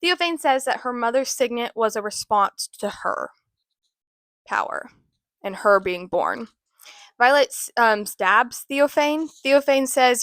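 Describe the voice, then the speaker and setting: Casual book vlogger, woman, slightly high pitch, chatty and unfiltered, dry close sound. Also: sing-song, normal speed, fairly bright tone, dry recording. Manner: chatty, swears, fillers like "um" and "like".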